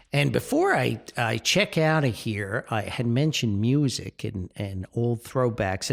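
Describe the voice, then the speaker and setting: Gravelly, animated older New man. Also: mid-range voice. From Paterson, New Jersey. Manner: grumpy, exasperated, laughing often. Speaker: podcast host. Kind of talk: rant podcast monologue.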